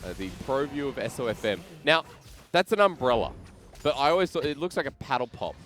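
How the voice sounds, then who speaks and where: Excitable Australian esports caster. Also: male voice, medium pitch, brisk, slight background noise. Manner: excitable, joking banter between calls. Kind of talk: play-by-play esports commentary.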